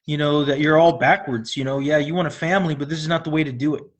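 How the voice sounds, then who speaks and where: Here a movie review co-host talks fast in a fairly high voice with fairly even intonation. The chat is casual: he rambles, laughs a lot between thoughts, and drops many fillers.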